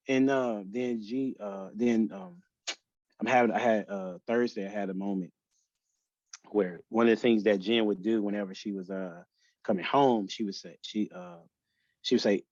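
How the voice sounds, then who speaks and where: A man with a fairly low voice, talking haltingly and full of restarts as a podcast guest. The sound is dry and close, a little dull and lo-fi. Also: a little mellow, dry recording. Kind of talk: emotional personal conversation.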